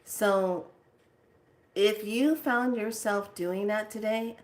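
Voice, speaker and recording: A woman vlogger telling a casual story in an animated way, laughing often. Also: medium pitch, slow. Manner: animated, laughing, squeals in quoted lines. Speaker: spiritual vlogger.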